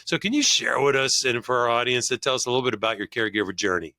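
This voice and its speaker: A man's voice: mid-range voice, racing, bright, forceful tone, no echo. A man co-hosting a podcast, jovial and upbeat, joking with his guest. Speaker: podcast co-host.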